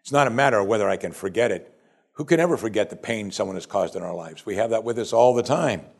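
A man preaching a sermon. He climbs to loud, high emphasis, then sinks to quiet, soft passages, and asks his listeners question after question. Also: expressive, fast talker, creaky, breathy edge. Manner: asks the congregation repeated rhetorical questions. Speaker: pastor.

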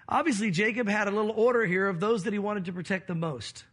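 A male pastor preaching with a high, husky voice. He walks through the scripture and now and then acts out the quoted voices of the people in the story. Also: fairly even intonation, normal speed, a bit bright. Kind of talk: sermon.

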